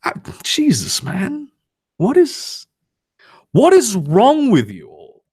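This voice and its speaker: A very high-pitched, slightly rough male voice takes its time reading fanfiction aloud. The young man, streaming live from his home in Germany, breaks off for profane, sarcastic remarks and animated asides and talks to his viewers.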